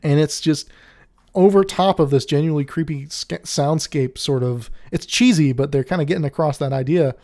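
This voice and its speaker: A man's voice: fairly high pitch, normal speed, darkish tone. A man giving a casual, rambling album review, often laughing and cutting himself off mid-thought. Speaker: music reviewer.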